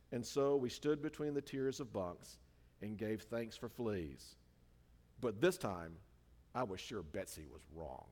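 A preacher delivers an informal, chatty sermon full of fillers and moments where he corrects himself, recorded in an echoing hall. He speaks at a measured pace in a fairly low, expressive voice with a somewhat dark tone.

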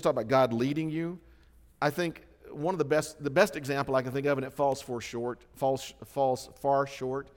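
A middle-aged man preaching a sermon, lively and conversational, acting out the voices he quotes. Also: mid-range voice. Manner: animated storytelling, acts out quoted voices. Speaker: pastor. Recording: long hall reverb.

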